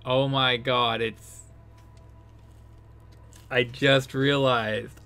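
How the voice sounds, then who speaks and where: Unhurried male streamer spelling letters aloud. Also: mid-range voice, vocal fry, clear, resonant tone. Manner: slow, spelling letters out while typing, then bursts into excited disbelief. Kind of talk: live game stream, decoding text aloud.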